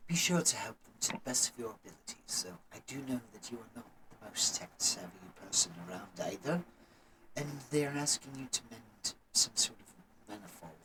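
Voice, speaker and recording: A man narrating a tabletop game as game master, calm and soft-spoken. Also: fairly low pitch, fairly quick, noisy background.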